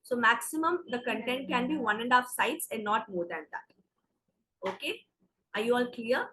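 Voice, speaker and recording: A woman's voice: a little high, expressive, normal speed, sharp tone, rough recording. A woman with an Indian English accent teaching an exam preparation class, explaining step by step and checking in with "okay". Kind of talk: classroom lecture.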